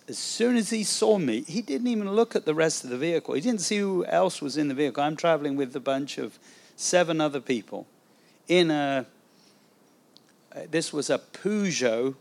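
A man, an evangelist, telling a testimony story in a sermon, animated and acting out the dialogue. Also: a little high, vocal fry.

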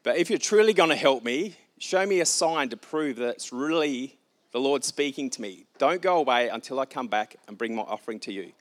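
A man's voice: lively intonation, brisk, natural voice. A man voicing an anxious, doubting young male hero in a retold scripture story, pleading and raising his voice. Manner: pleading, higher and louder than his own voice.

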